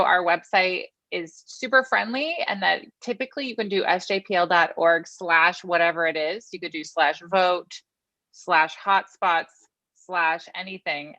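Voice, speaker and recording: A woman's voice: lowish voice, a bit bright, no room sound, muffled recording. A woman from the library staff giving a chatty, upbeat report to a meeting over a video call.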